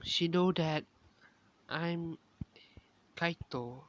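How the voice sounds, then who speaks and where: A woman's voice: lowish voice, very slow, slight background noise, voice pushed down. A woman voicing a shy, flustered lovesick young man. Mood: soft, wistful. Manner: sighing, self-scolding, soft-spoken. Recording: dull lo-fi recording.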